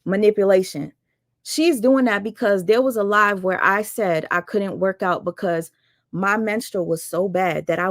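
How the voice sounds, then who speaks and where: A woman's voice: mid-range voice, dry recording, clean studio sound. A woman hosting her livestream, calling someone out in a blunt, sarcastic, fired-up casual rant. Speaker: livestream host.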